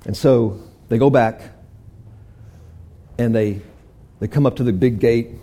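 A man preaching a sermon, retelling a story with animated energy and closing in soft prayer. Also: mid-range voice, measured pace, pauses often. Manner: animated storytelling, prays softly at the end.

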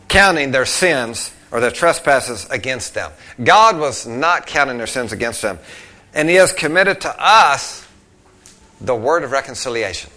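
Middle-aged male preacher, storytelling sermon with emphatic swells, bright tone. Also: a little high. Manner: conversational storytelling, rises to emphatic peaks.

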